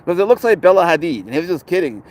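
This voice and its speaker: A man's voice: a little high, big pitch swings, very fast, poor audio. A man casually chatting on a livestream about his pet, rambling and blunt, swearing freely as he reads and answers comments outdoors.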